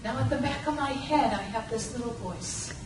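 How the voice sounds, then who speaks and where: An older woman from Massachusetts performing a personal story live, animated and slipping into voices and bits of song. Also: on the high side, moderate pace. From Lawrence, Massachusetts. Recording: roomy, distant from the mic, faint room noise.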